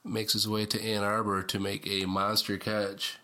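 A man's voice: fairly low pitch, monotone, a little slow, pushed and bright. A man co-hosting a sports talk show, chatty and analytical in an easygoing way. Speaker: sports podcast co-host.

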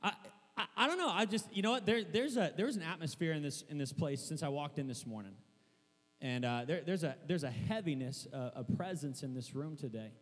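A young man preaching a sermon in a church, rambling and excitable, stumbling over restarts and breaking into shouts. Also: fairly high pitch, brisk, in a large hall. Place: church hall.

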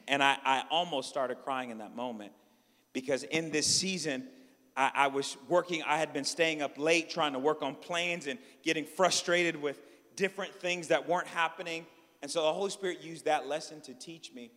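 A man in his thirties preaching a sermon, telling family stories with lively swings from loud to hushed. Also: fairly high pitch, brisk. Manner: animated storytelling, dropping to a hush for quiet lines. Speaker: pastor. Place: church hall. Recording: long hall reverb.

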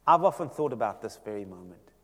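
A man, preaching a sermon as pastor and telling the story dramatically, shifting between loud and hushed passages. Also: on the low side, sing-song, quick pace, in a large hall.

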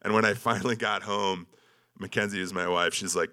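Over a slideshow, a deep-voiced man with a bright, forceful quality recounts an expedition in a casual, humorous way. His pitch stays fairly even and he talks a little quickly, teasing himself often and leaning on frequent ums and likes.

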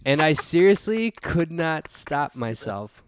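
A man's voice: on the high side, very animated, slow pace, clean tone, no echo. Dry-voiced man telling wild stories. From United States. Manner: profane, laughing storyteller. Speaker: podcast co-host. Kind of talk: casual storytelling.

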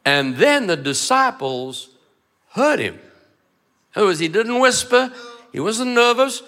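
A man's voice: high-pitched, big pitch swings, slow, sharp tone. A man preaching a sermon, emphatic, repeating phrases and acting out dialogue. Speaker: pastor.

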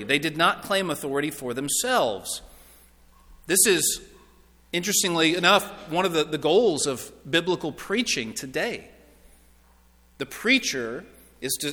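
A man's voice: fairly high pitch, sharp tone. A man preaching a sermon as pastor, earnest and emphatic, with repeated phrases, in a church. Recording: long reverb of a large hall.

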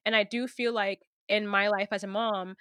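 A young woman hosting a casual podcast interview with her mother, chatty and quick to laugh, speaking straight to her listeners. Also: medium pitch, flat delivery, a bit bright, clean tone, no echo, studio quality. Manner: chatty, laughs easily, talks to listeners directly. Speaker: podcast host.

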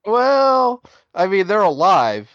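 A man's voice: high-pitched, very animated, takes it slowly, a bit bright, clean tone, dry recording, highs cut off. A man co-hosting a podcast in casual chat, rambling and jokey. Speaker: podcast co-host.

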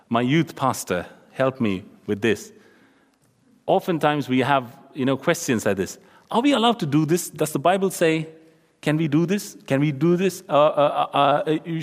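A male pastor preaches in a somewhat high voice, animated and conversational, acting out the voices of the people he quotes. He drops to a near hush to drive points home. The sound carries a long hall reverb. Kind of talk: sermon.

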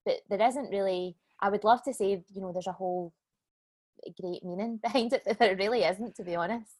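A Scottish woman in her thirties, a business owner chatting as a podcast guest, relaxed and self-deprecating, laughing often. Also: medium pitch, a little fast. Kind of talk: casual podcast chat.

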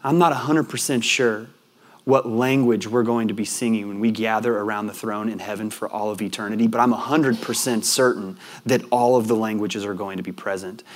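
A man preaching a sermon, telling a personal story in an earnest way and growing quiet and soft at tender moments. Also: lowish voice, steady tone, fairly quick.

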